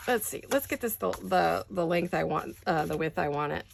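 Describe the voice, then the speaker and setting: Middle-aged woman, craft vlogger, low with some vocal fry, chatty and giggly, talks to herself. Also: sing-song, takes it slowly, pauses often, noisy background. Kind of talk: casual chat while crafting.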